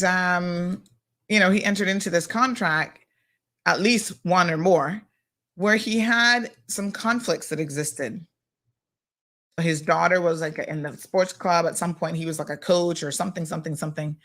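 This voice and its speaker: A woman hosting a casual local news chat, chatty and animated, full of asides and fillers. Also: lowish voice. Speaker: host.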